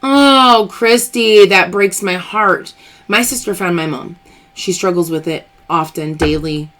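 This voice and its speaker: A woman's voice: on the low side, a little slow, fairly bright tone. Female live-stream host: chatty, open, emphatic, talking straight to her viewers. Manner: chatty and emphatic, open about personal matters. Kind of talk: live stream chat, answering viewer comments.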